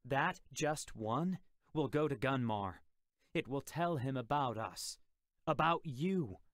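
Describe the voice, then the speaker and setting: A man's voice: medium pitch, lively intonation, slow pace, dry recording, studio quality. A man voicing a furious, commanding young male troll hunter in an audiobook, snarling and scolding. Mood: stern. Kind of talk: audiobook character voice.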